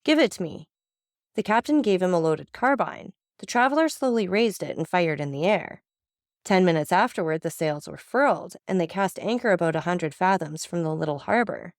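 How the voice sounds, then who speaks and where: A woman narrating a classic novel as an audiobook reader, telling it in a steady, even way. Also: lowish voice, normal speed, no room sound, studio quality.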